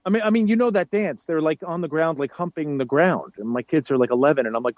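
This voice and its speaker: A man's voice: a little high, fast, hardly any pauses, no room sound, dull audio. A middle-aged man from New York, chatting as a podcast guest, self-deprecating and full of fillers and restarts. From United States, New York. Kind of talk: casual interview chat. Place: at home.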